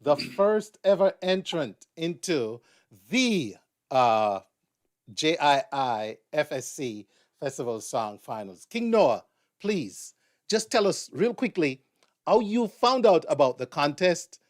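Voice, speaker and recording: A man hosting a live online show, unhurried and with many fillers as he introduces guests. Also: a little high, sing-song.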